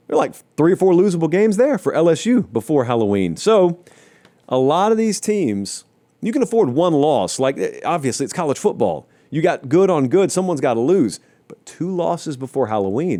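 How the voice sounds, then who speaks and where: A man's voice: mid-range voice, warm tone. A man hosting a sports talk show, giving opinionated, conversational commentary with wry asides to his producers.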